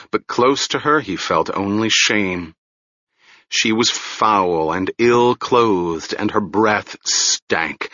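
A man narrating a story as an audiobook reader, in a slow, expressive storytelling style. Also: lowish voice, no room sound, highs cut off.

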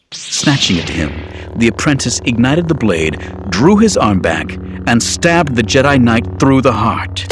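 A man narrates an audiobook in a dramatic, measured way, with a fairly low voice. A clear music score plays under his reading. He tells the story steadily, with a sense of drama.

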